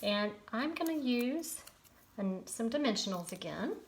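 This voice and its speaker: A woman's voice: on the high side, sing-song, measured pace, slight background noise. A woman leading a live card-making tutorial, chatty and encouraging, greeting viewers by name.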